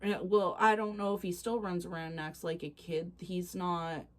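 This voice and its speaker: A chatty, excitable woman casually reacting to posts on her vlog, quick to laugh. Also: fairly low pitch. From Canada. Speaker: reaction channel host.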